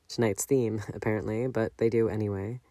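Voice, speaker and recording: A man reading a fan-fiction audiobook aloud in a measured, unhurried way. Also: lowish voice, steady tone, mellow, no echo. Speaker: audiobook narrator.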